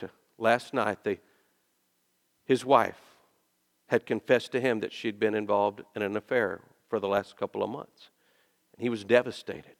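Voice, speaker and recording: A male pastor preaching a sermon and telling stories, dropping soft and then rising into loud, emphatic bursts. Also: mid-range voice, gravelly. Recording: long reverb of a large hall.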